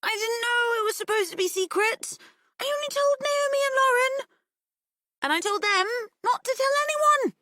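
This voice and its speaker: A woman's voice: very high voice, expressive, moderate pace, pushed and bright, slight background noise, voice pushed up, heavily acted. A woman voicing a tipsy, apologetic teenage girl in an audiobook who stumbles over her words. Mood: flustered tipsy. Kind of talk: audiobook character voice.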